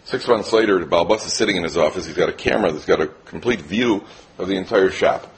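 A man giving a storytelling sermon as a rabbi, animated and acting out the people in his stories. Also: fast talker. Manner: animated, voices characters in low tones. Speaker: rabbi giving a Torah talk.

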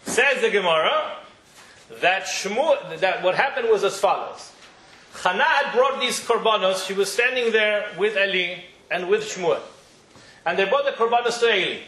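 A man teaching a religious study class, telling the story in an animated way and often restarting his sentences. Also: high-pitched, moderate pace, roomy sound, low-quality recording.

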